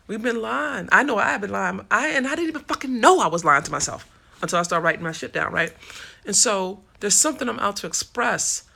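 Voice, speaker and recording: A woman's voice: mid-range voice, lively intonation, brisk, gravelly, pushed and bright. A woman hosting a casual live stream, talking through comments with viewers in an impassioned, swearing, tired way.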